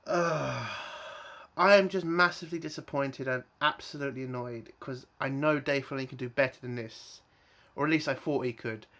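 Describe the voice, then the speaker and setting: A man's voice: mid-range voice, normal speed, pushed and bright. A man giving an exasperated, swearing review rant full of emphatic rhetorical questions.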